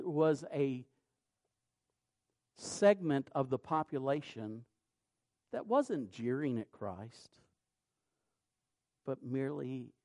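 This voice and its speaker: A man preaching a sermon, reading scripture in a measured cadence and rising to loud, emphatic peaks. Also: mid-range voice, big pitch swings.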